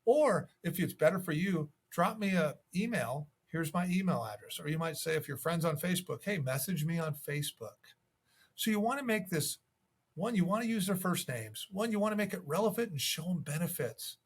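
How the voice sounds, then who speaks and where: In casual tips filmed for camera, a man talks real estate agents through their work and acts out sample voicemails. He speaks fairly quickly in a high, expressive voice with a breathy edge.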